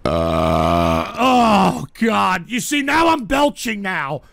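A man's voice: high voice, very animated, slow, vocal fry, a bit bright, dry recording. A man hosting a livestream and reading viewer messages, ranting angrily and swearing as he answers them. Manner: angry, swearing, exasperated. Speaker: livestream host reading super chats. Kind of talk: profane ranting livestream talk.

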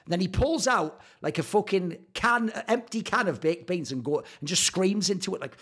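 Husky gravelly guy roasting old tweets, swears a lot, voice all over the place. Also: sits high, very animated, a little fast. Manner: profane, mocking, swings between loud outbursts and mutters. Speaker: esports commentator and YouTuber. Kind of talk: sarcastic commentary on old tweets.

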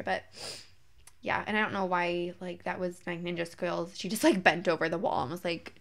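A woman's voice: medium pitch, fairly even intonation, a little fast, vocal fry. Young woman, bubbly let's-play host, rambling chatty delivery full of "like". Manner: chatty and bubbly, heavy use of "like". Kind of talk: casual gameplay commentary.

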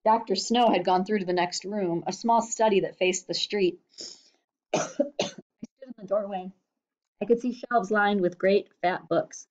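A woman reading a novel chapter aloud for students, with steady, clear storytelling. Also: mid-range voice. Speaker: reader. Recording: slightly dull lo-fi recording.

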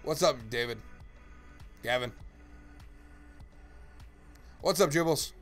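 A man's voice: a little high, slow, fairly bright tone, faint music behind. A man live-streaming a game, chatting playfully and greeting viewers by name as he plays. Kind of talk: casual live-stream chat.

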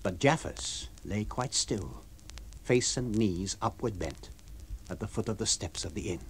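A man reading a novel aloud for radio, with an expressive, varied storytelling delivery. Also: fairly low pitch, unhurried, a little hiss or hum. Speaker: reader.

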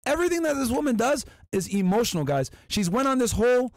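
A man's voice: very high voice, very animated, fast talker, no room sound, studio quality. A man hosting a podcast, reading out viewer chats and answering them in an emphatic, combative, profane way. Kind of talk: casual podcast chat.

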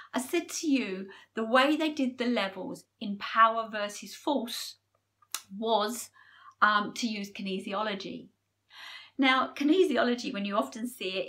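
Bright-voiced earnest woman forecaster. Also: on the high side. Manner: earnest and openly emotional, with pauses. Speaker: numerology forecaster. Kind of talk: personal spiritual talk to camera.

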